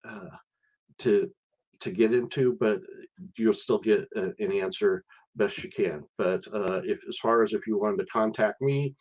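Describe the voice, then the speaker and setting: Halting low-voiced man on a live stream. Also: darkish tone, muffled recording. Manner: hesitant, many fillers and restarts. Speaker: live stream host sharing visa experience. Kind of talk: casual live stream talk.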